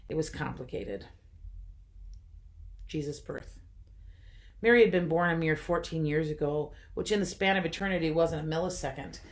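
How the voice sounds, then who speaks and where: A woman's voice: sits low, moderate pace, long pauses. A woman reading a devotional retelling at home, reflective and with wry asides.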